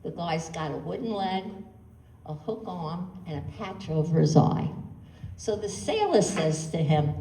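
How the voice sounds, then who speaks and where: A woman's voice: on the low side, very animated, measured pace, dark tone, a little hiss or hum. Distant woman telling jokes in an echoey room. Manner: punchy storytelling, voices raised for punchlines. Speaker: stand-up comedian. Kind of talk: stand-up joke telling.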